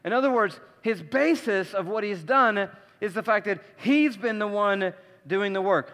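Male preacher, high pitch, dynamic delivery, reverberant hall. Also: unhurried. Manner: dynamic, swings from hushed to loud emphatic; acts out quoted voices. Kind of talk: sermon.

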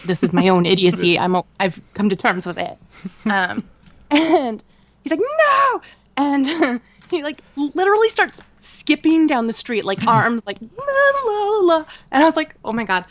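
A woman co-hosting a podcast, telling a travel story in a casual, animated way with many fillers and laughs. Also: medium pitch, no room sound. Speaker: podcast co-host. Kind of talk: casual chat.

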